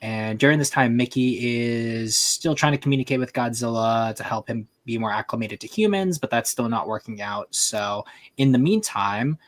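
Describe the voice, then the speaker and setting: A man's voice: medium pitch, expressive, normal speed. A man hosting a livestream over online voice chat, chatting loosely and summing up a fan story with fillers and restarts. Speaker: livestream host.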